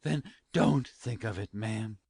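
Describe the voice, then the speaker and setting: A pompous, self-important parish beadle drawls out each word slowly and gravely, as a woman reading the story puts him on. The voice sits very low with a heavy gravelly rasp and a husky edge. Dry, close recording. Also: warm tone, dry recording, exaggerated voice. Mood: pompous concern.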